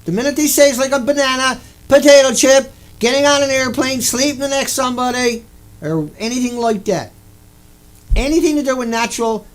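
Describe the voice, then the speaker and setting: A man's voice: extremely high pitch, lively intonation, moderate pace. A man delivering an angry, repetitive rant, swearing often as he talks to his viewers. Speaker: video blogger.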